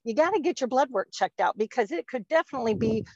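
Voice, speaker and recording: Chatty woman with a lively voice. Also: fairly high pitch, fast talker, breathy edge, dry recording, lo-fi sound. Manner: chatty, rambling, laughs often. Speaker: podcast co-host. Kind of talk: casual chat.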